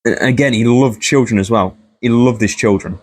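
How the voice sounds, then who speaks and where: A man's voice: medium pitch, moderate pace. A young man rambling casually through a profane commentary vlog, often laughing at the story.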